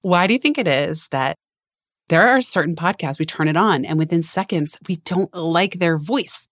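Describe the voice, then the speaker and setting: A woman hosts a podcast with gushing enthusiasm. Her voice sits a little low and the sound is dry and close, with no room echo. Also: animated, normal speed. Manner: enthusiastic, effusive. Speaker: podcast host. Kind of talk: casual podcast interview.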